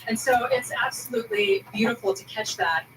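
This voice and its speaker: A woman data scientist reporting live, excited and emotional, often restarting her sentences. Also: a little high, fairly quick. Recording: TV audio taped from a distance, loud noise.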